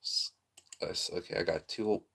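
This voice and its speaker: A man's voice: unhurried, a bit bright, slight background noise. A man streaming a casual reaction, rambling through restarts and often breaking into laughter.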